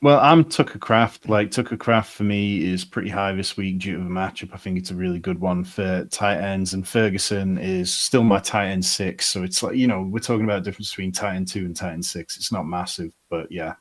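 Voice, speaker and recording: Low-voiced analytical male co-host. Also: steady tone. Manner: measured and analytical. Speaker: fantasy football analyst co-host. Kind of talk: live casual sports advice chat.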